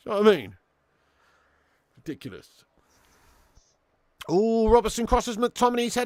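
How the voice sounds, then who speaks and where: A man hosting a live football watch-along stream, chatting with viewers, swearing and getting excitable. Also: high voice, brisk, no echo, clean studio sound.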